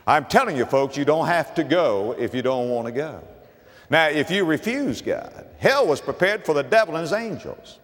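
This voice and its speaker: A man preaching a sermon in church, swinging from loud, high emphasis down to low, quiet asides. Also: expressive, moderate pace. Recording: long reverb of a church hall.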